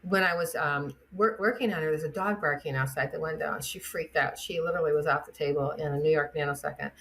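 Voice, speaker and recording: Lively older woman telling stories. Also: low-pitched, fast talker. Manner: animated, acts out the voices in her stories, laughs often. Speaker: guest chiropractor. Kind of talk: anecdotal storytelling.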